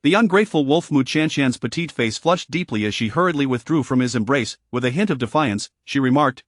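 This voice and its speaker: A man's voice: medium pitch, animated, a little fast, hardly any pauses, no room sound. Man narrating a romance audiobook, dry sound.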